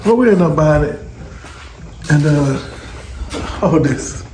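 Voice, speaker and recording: A man's voice: a little high, lively intonation, slow. A middle-aged father casually vlogging to camera in a small home basement, rambling and talking straight to his viewers, filmed on a phone. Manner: loose, rambling, chatty, addresses viewers directly. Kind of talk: casual vlog chat to camera. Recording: echoey basement with loud background noise.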